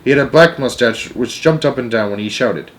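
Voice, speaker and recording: A man reading a children's book aloud in a measured, steady storytelling voice. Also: mid-range voice.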